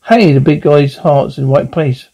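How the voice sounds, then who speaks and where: Breezy wisecracking speedster, husky gravelly tone man doing voice. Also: on the high side, normal speed, warm tone. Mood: joking. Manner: joking, breezy. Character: wisecracking fast young male hero.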